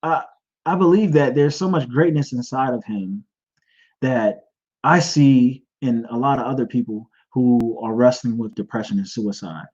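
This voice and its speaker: A man's voice: mid-range voice, normal speed, darkish tone. A man hosting a podcast and sharing a personal testimony, earnest and rambling, often restarting his sentences. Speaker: podcast host. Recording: dull lo-fi sound.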